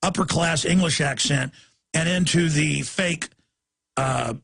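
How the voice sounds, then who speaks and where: Gravelly, high-pitched ranting radio host. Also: male voice, fairly bright tone. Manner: heated, rapid-fire ranting. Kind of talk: talk radio monologue.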